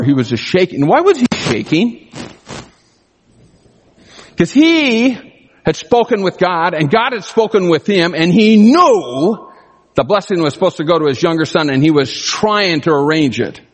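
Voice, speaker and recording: A man's voice: a little high, husky. Man preaching in an echoing hall. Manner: reads scripture then comments conversationally, emphatic swings. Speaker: pastor. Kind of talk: expository sermon. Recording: long reverb of a large hall.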